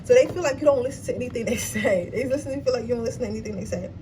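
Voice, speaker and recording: High-voiced woman giving blunt tarot readings. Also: very fast, noisy background. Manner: blunt, profane, slangy, animated. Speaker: tarot reader. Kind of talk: casual pick-a-card tarot reading.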